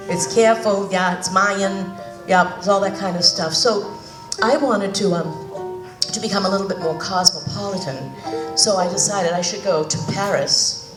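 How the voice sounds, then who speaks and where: A woman from Boston with a Boston accent, a cabaret singer chatting and joking with a live audience between songs. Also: on the low side. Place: senior center hall. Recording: echoey hall, mic at a distance, loud piano.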